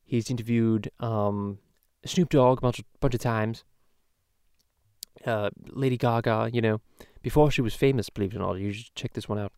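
A man's voice: fairly low pitch, steady tone, normal speed, a little mellow, clean tone, dry recording, studio quality, lightly acted. A man voicing a crude, rambling middle-aged cartoon dad in a casual podcast chat, talking loosely and swearing often. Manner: rambling, profane, loose storytelling.

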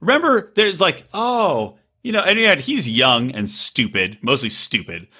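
A man co-hosting a podcast in casual, profane chat, animated and full of voices. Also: measured pace, husky. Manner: animated, profane, mimics people in high voice. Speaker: podcast co-host.

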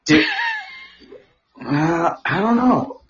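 A man's voice: fairly high pitch, very animated, very slow, crowd noise. A man co-hosting a comedy podcast, loosely joking and giggling through crude banter. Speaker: podcast co-host. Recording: dull lo-fi audio.

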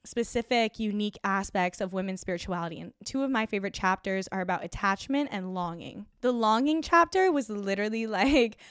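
A woman's voice: medium pitch, brisk, hardly any pauses, a bit bright, smooth, no echo. Woman, podcast host, enthusiastic and chatty, dry close sound. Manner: gushing, enthusiastic, lots of "like" fillers. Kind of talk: casual solo podcast chat. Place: her bedroom at home.

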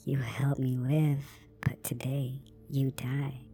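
A man's voice: medium pitch, flat delivery, takes it slowly, gravelly, warm tone, pitched above the performer's own voice. A man voicing a possessed little girl, speaking in a cold, eerie way.

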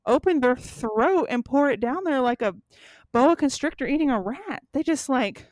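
A woman's voice: high voice, animated, normal speed, a little mellow, dry recording. A woman in her thirties co-hosting a casual chat with a friend, rambling and self-mocking, laughing often. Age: 30s. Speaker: podcast co-host.

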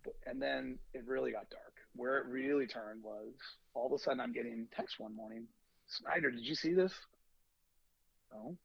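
Guy coaching little league telling a wild story, husky voice, dry dull mic. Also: mid-range voice, fairly quick, dry recording. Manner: animated anecdote, acting out quoted lines. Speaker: youth baseball coach. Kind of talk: storytelling on a podcast.

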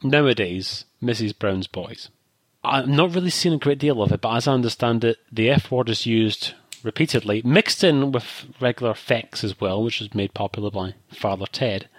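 A man chats casually on a podcast and circles back over his own points, restarting phrases as he thinks aloud. His voice sits at an ordinary middle pitch, and the recording is dry and close, with no room sound. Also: normal speed, dry recording. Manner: rambling, thoughtful, many restarts. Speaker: podcast co-host. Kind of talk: casual chat.

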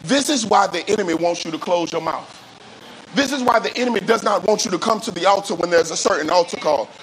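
A male pastor preaching a sermon with call-and-response, often rising into shouts and sung phrases. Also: high voice, fast, slight background noise, low-quality recording. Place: church service.

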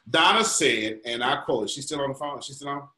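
A man leads a group call as a motivational coach, talking in an emphatic, colloquial, preachy way. His voice is bright and forward. The sound bounces around an echoey room. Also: mid-range voice, normal speed.

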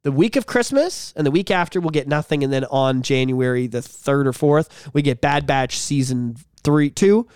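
A man co-hosting a casual podcast, chatting loosely, swearing freely and slipping into quick impressions of film characters. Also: mid-range voice, a little mellow, clean tone, no room sound, clean studio sound. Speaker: podcast co-host. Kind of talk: casual chat.

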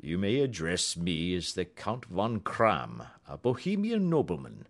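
A man voicing a haughty Bohemian king with a deep, harsh voice and a German accent. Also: wildly swooping pitch, a little slow, exaggerated voice. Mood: guarded.

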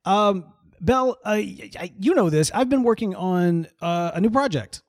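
A man co-hosting a podcast, talking in an animated, laughing way and often restarting his sentences. His voice sits fairly high and swings widely in pitch. The recording is dry and close. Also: unhurried, no echo. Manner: animated, laughing, self-interrupting. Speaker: podcast co-host. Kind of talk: casual chat.

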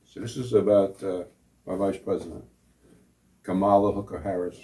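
A man's voice: deep voice, steady tone, normal speed, warm tone. A man hosting a talk show, delivering scoffing, sarcastic political banter and laughing at his own jokes. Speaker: show host. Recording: voice distant from the mic.

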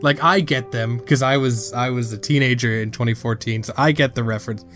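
A man in his thirties recaps a film on a casual podcast at a middle pitch. He jumps up in pitch for emphasis. Faint music runs behind him. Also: fairly quick. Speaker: podcast co-host. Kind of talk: casual movie review chat.

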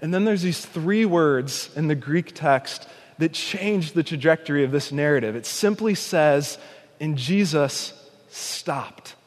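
A man with a high voice preaching a sermon in a church, with a long hall reverb trailing his words. He acts out desperate shouted cries, then slows and softens on his key points. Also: lively intonation. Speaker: pastor.

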